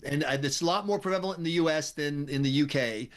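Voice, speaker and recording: An American political commentator talks fast in a slightly high voice as he appears on a talk radio show. In the interview he comes across as emphatic and sarcastic.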